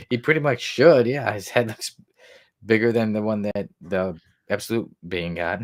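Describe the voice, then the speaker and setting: A man co-hosting a podcast, chatting casually about comics in a rambling way, chuckling and reading quotes aloud slowly. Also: lowish voice, no echo, clean studio sound. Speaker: podcast co-host.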